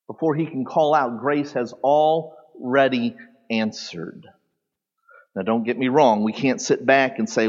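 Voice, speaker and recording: Man, pastor, sermon, animated teaching, dull lo-fi sound, long reverb. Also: mid-range voice, unhurried. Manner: animated teaching with sudden loud peaks and soft drops.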